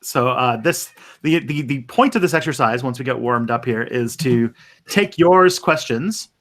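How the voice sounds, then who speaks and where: An easygoing man hosts a casual live stream, chatting loosely and improvising as he goes. His voice sits at a middling pitch for a man. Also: a little slow, a bit bright.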